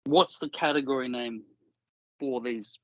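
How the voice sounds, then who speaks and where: A man's voice: medium pitch, a little slow, fairly bright tone, no room sound. A man co-hosting a casual podcast, rambling and swearing often while laughing easily. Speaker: podcast co-host. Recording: dry, dull lo-fi sound.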